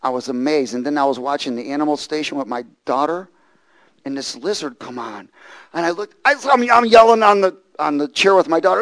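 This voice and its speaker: Impassioned preacher man, fairly high voice. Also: expressive, brisk. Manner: impassioned preaching, swings from hushed storytelling to loud fervent bursts; repeats phrases for emphasis. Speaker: pastor. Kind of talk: sermon.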